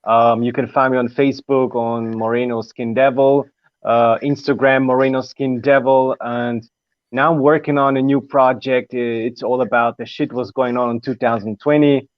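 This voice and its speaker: A man's voice: medium pitch, level tone, moderate pace, clean tone, dry recording, muffled recording. A man appearing as a guest musician in a casual radio interview, easygoing, swearing freely and laughing often.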